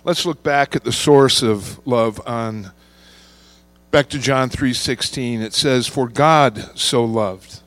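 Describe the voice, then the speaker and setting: A man preaching a sermon, reading scripture and slowing down to stress key words. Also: medium pitch, a bit bright, no echo. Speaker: pastor.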